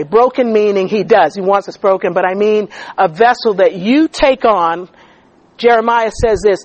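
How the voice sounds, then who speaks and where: Woman, teacher and coach, preacher cadence, animated delivery, dry close recording. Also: medium pitch, no room sound, lo-fi sound. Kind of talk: testimony-style church talk.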